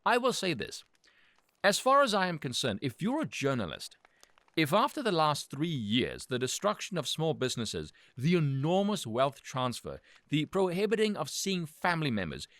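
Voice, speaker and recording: A man's voice: a little high, huge pitch swings, moderate pace, a bit bright, dry recording. Sarcastic, profane male ranting commentator. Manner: angry, sarcastic, profane, mocking. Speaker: political commentary channel host.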